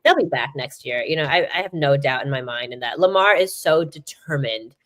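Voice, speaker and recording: A low-pitched woman talks quickly and animatedly as a sports reporter on a podcast. Her stories tumble out with plenty of "like" and "you know". The feel is loose, casual guest chat over a remote live-stream mic. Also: animated, a bit bright.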